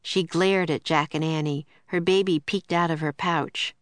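A woman reading a children's book aloud in a clear, steady storytelling voice. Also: low-pitched, unhurried, dry recording. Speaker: narrator.

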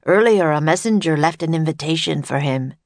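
A woman voicing a polite old male night watchman in a storybook reading, speaking slowly and courteously. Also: deep voice, no echo.

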